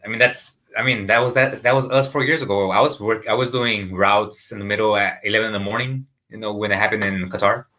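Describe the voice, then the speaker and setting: A man co-hosting a podcast in casual chat, talking in quick bursts full of restarts. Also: on the low side, fairly even intonation, bright, forceful tone. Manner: fast, full of restarts and "you know". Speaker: podcast co-host.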